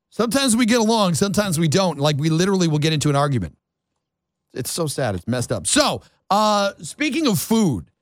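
Male morning radio host, rambling and self-mocking, lively pitch; close, dry studio mic. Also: no echo. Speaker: radio talk show host. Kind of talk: casual morning radio chat.

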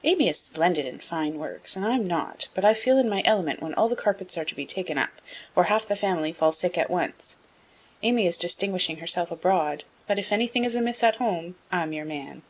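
A woman reading a spirited, frank, headstrong young woman in an audiobook, in a brisk, emphatic way. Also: on the low side. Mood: cheerful. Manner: brisk, emphatic, rising to excited outbursts.

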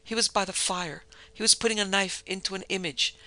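A cunning, seductive witch woman purrs her threats softly, voiced by a man reading a storybook. The voice is sharp and bright, with a gravelly edge. It sounds close and dry, with little room. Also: a little high, level tone, moderate pace, no echo, heavily acted. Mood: feigned sobbing. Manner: soft purring menace.

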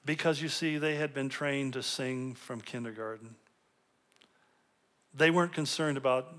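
A man's voice: mid-range voice, steady tone, unhurried, long pauses, fairly bright tone. A male pastor giving a conversational sermon, telling stories with light humor and often restarting and repeating words as he builds a point.

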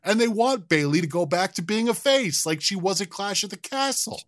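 A man co-hosting a casual podcast, telling a wrestling story in an animated, profane way. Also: sits high, moderate pace, no room sound, studio quality. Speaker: podcast co-host.

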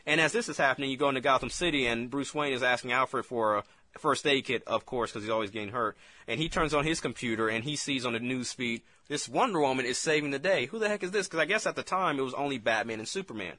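A man casually recapping a comic book story on a podcast, animated and quick to laugh. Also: medium pitch, no echo. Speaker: podcast co-host.

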